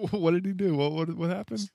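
A man's voice: high voice, brisk, gravelly, warm tone, dry recording. A man co-hosting a casual sports podcast who jokes and teases, laughing often. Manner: joking, laughs often, teasing. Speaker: podcast co-host.

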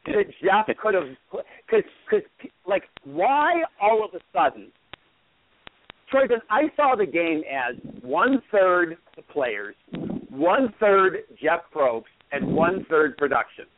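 A man's voice: sits high, sing-song, slow. Man talking over a tinny phone line. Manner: rambling, lots of restarts and repeats. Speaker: host. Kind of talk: casual call-in show talk.

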